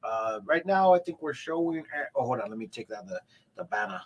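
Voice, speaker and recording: A man's voice: mid-range voice, sing-song, brisk, breathy edge, dull audio. A man co-hosting a local morning show in casual chat, rambling and restarting with lots of fillers. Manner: rambling, repeats words, many fillers.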